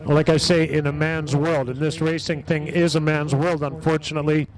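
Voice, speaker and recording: A man's voice: a little high, level tone, moderate pace, rough recording. A man announcing a race live, chatty and full of praise for the winner.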